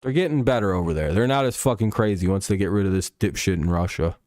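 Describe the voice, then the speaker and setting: A man's voice: low-pitched, fast talker, darkish tone, dry recording, studio quality. A man hosting a casual live stream, rambling and swearing freely, with chuckles and frequent restarts. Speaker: stream host.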